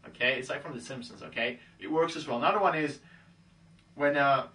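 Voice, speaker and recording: A man's voice: medium pitch, a little fast, bright, forceful tone, distant mic. A man giving casual dating advice who keeps checking in with "okay?". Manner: breezy, acts out pickup lines in quoted voices, says "okay?" a lot. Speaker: dating coach. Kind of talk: casual instructional talk.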